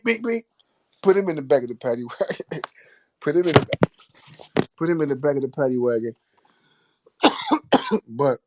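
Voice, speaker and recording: A man telling a story in a laid-back, profane way, laughing often as he goes. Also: mid-range voice. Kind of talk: casual storytelling.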